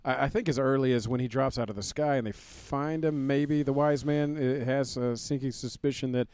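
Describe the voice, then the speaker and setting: A man's voice: medium pitch, fairly even intonation, moderate pace, darkish tone, clean tone. A man co-hosting a movie podcast, retelling the plot loosely in casual chat, swearing freely. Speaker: podcast co-host.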